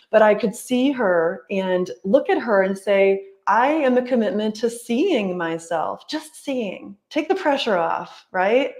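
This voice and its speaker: A woman's voice: mid-range voice, darkish tone. A woman who works as a life coach and yoga teacher tells her story in a casual interview. She is earnest and chatty, and she keeps saying "like" and "right?".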